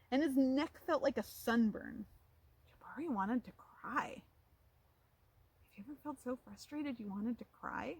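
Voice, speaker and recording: A woman reading a picture book aloud to children, pausing to ask them questions in an animated way. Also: fairly high pitch, husky. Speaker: storytime reader.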